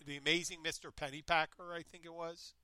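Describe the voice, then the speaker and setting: A man with a very bright, forceful voice rambles through a story, stopping and starting as he goes. The sound is dry and close. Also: fairly high pitch, a little fast, clean tone, no echo. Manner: meandering, self-interrupting, animated retelling. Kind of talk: casual chat, rambling storytelling.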